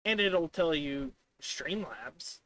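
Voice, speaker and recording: A man on a live stream, talking slowly through his code in a bright, somewhat high voice. He rambles and grumbles in exasperation, mocking the program by voicing its replies. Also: lively intonation. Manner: exasperated, rambling, mocks the software in quoted voices. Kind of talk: casual live-stream commentary while coding.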